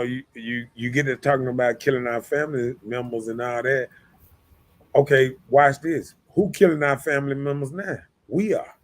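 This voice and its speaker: A man's voice: mid-range voice, vocal fry, dry recording. A man hosting a casual talk stream, rambling with lots of repeated words and fillers. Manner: rambling, repeats words, often says "you know what I'm saying". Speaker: host. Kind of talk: casual livestream chat.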